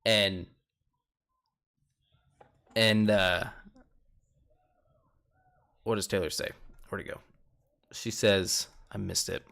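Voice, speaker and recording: A man's voice: lowish voice, extremely slow, vocal fry, long pauses. Chatty man recapping a show. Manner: animated retelling, quotes people in a raised voice. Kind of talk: casual recap chat.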